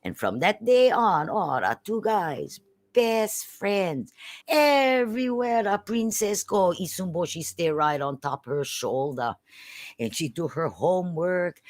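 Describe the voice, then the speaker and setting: Hawaiian Pidgin storyteller woman, lively and low. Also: no echo. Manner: animated, chatty asides with tag questions. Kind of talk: lively folk-tale storytelling.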